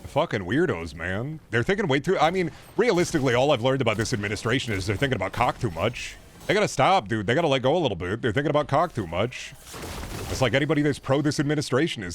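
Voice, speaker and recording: A man's voice: mid-range voice, big pitch swings, fairly quick, a little hiss or hum. Sarcastic, swearing male streamer. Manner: sarcastic, profane, ranting. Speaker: gaming streamer. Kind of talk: casual stream chat.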